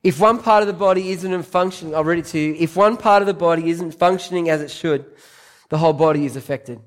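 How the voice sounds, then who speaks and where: A man's voice: on the high side, quick pace. An Australian man preaching a sermon to his church, telling personal stories and repeating key phrases for emphasis. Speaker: pastor. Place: church service.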